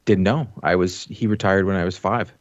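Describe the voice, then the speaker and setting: A man's voice: deep voice, steady tone, normal speed, no echo. A man born in the US who grew up near Toronto, a podcast guest chatting casually and telling rambling, self-deprecating stories with lots of restarts. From US, born in Atlanta, raised near Toronto. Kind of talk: casual chat. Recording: dry, slightly dull audio.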